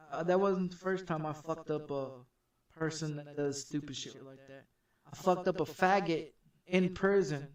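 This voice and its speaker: A man streaming from his home gaming setup, telling a story in a rambling, profane, repetitive way that turns loud and heated. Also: a little high. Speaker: game streamer. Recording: echoey room, distant from the mic.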